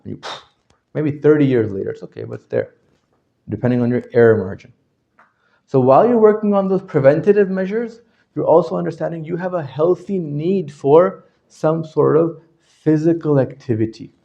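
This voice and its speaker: Here a male religious teacher runs an interactive class, firing questions and making sure everyone understands. He speaks at a medium pitch with vocal fry, his animated delivery swinging from loud to soft, all captured on dull-sounding audio.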